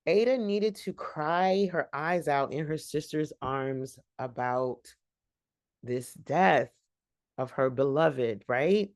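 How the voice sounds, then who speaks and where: A woman's voice: low-pitched, takes it slowly, darkish tone, dry recording, studio quality. A woman hosting a casual, rambling TV recap and talking straight to her viewers as "y'all.". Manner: chatty, addresses viewers as y'all; long-winded and rambling. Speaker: TV show recap host.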